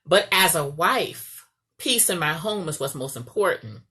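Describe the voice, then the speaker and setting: A woman's voice: sits low, expressive, a little slow, sharp tone. A woman giving casual marriage advice as a coach, chatty and often checking in with "okay?". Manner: chatty, repeats "okay?" to the viewer.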